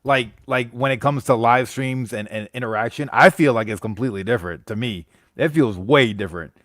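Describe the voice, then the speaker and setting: A man's voice: medium pitch, brisk, a bit bright. A man from the United States hosts a loose, casual live stream, chatting with his viewers. He rambles and restarts his sentences often. The sound is dry and close, with no room echo. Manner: rambling, stumbling restarts, greets chat members.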